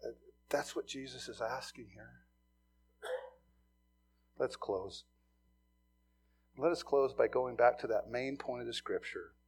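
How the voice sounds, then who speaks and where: A middle-aged man from Montana preaching a sermon, telling stories with swings from hushed asides to loud emphasis. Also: mid-range voice, takes it slowly, vocal fry, long pauses, slight background noise. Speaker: pastor.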